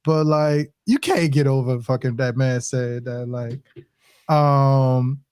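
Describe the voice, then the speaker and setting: A man's voice: mid-range voice, slow pace, a little mellow, clean tone, dry recording, clean studio sound. A man with a Southern US accent hosting a podcast, talking in loose, slangy, hesitant banter. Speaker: podcast host.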